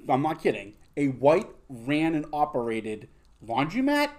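Young man, podcast host, crude swearing storyteller, fairly high, lively pitch. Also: measured pace. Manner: crude, profane storytelling with lots of fillers. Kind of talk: casual podcast chat.

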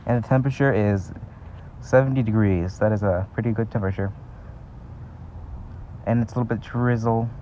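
A man chatting in a casual, rambling vlog from a park, talking haltingly with lots of fillers. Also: fairly low pitch, steady tone, warm tone, muffled recording, slight background noise. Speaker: vlogger. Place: outdoors in a park. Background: faint breeze and park ambience.

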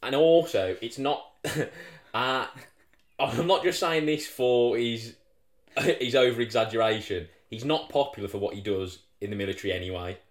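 Co-hosting a podcast, this man tells animated stories in casual chat, swearing freely and acting out quotes. His voice is mid-range and his pace moderate. The recording has room echo.

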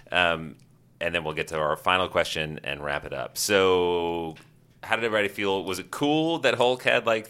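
A man's voice: sits low, sharp tone, clean tone. A man hosting a casual podcast panel, steering the talk with questions and laughing often. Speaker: podcast host.

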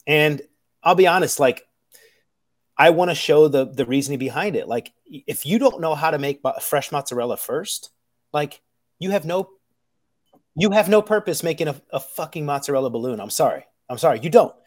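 A man who works as a professional chef, talking casually to camera in an animated, rambling way, full of fillers, restarts and swearing. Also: on the high side, normal speed. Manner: acts out kitchen dialogue in quoted voices.

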